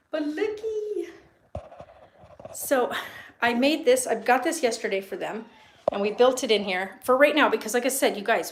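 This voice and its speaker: A young woman with a medium-pitched voice gives a casual vlog tour of her house, inside and out in the yard, chatting and rambling a little. She coos to her cats in baby talk, and a faint hiss or hum sits under the recording.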